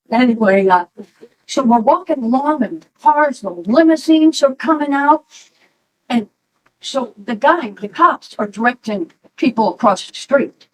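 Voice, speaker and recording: A middle-aged woman, a mother, telling a halting, animated story at a memorial gathering. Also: on the high side, slightly rough, poor audio. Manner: slow, halting, animated when quoting. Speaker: mother of the deceased.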